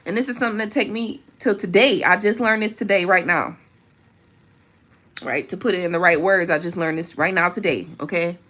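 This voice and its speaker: A woman's voice: lowish voice, brisk, fairly bright tone. A woman vlogger in an unscripted monologue, talking emphatically and preachily with frequent profanity.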